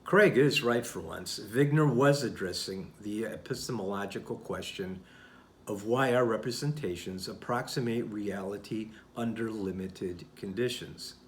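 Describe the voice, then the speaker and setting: A man hosting the channel, reading a scripted rebuttal in a deliberate, didactic way. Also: fairly low pitch, a little hiss or hum. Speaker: channel host.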